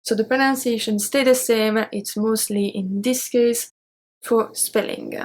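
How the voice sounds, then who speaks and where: A woman gives an online grammar lesson in English. Her voice sits a little high, and she says each verb slowly and repeats it before moving on. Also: steady tone, a little mellow. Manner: slow, careful spelling-out of verb forms. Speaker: French teacher.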